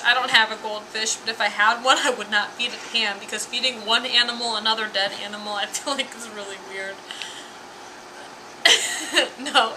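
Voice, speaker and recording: Giggly, tipsy woman with a bright high voice. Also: slight background noise, low-quality recording. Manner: rambling, profane, giggly. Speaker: anime reviewer. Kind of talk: casual comic review.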